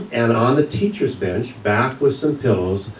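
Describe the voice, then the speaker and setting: A man who teaches yoga, giving a church message as a personal story, told with pauses and soft laughs. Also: mid-range voice, big pitch swings, slight background noise. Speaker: guest speaker, yoga teacher. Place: church sanctuary. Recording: echoey hall, mic from a distance.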